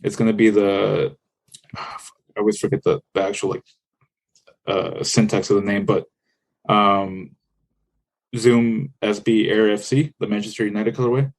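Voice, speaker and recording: A man's voice: lowish voice, fairly even intonation, measured pace, pauses often. A young man from the United States, a podcast guest, talking in a laid-back, rambling way with lots of fillers and swearing. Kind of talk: casual chat.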